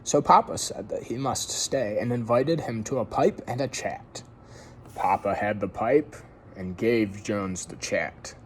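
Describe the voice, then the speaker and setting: A man's voice: fairly low pitch, a little slow, slight background noise. A man casually reading a story aloud, breaking off for chatty asides to his listeners. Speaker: story reader.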